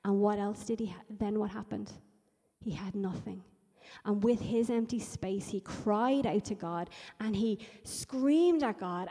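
A woman's voice: medium pitch, measured pace, warm tone, breathy edge, big-room sound. A woman preaching a sermon in an emphatic, repetitive style that builds in intensity.

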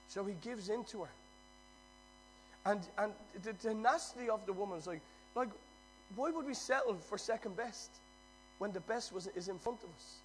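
A man preaching a sermon, dropping to a hushed storytelling voice and rising to loud, emphatic declarations. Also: high voice, moderate pace, pauses often, soft background music, low-quality recording.

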